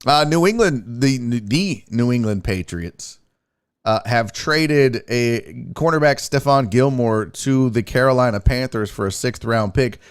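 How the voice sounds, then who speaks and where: A man hosting a sports livestream, talking casually and firing off quick shout-outs to viewers in the chat. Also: medium pitch, lively intonation, clear, resonant tone. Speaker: sports show host.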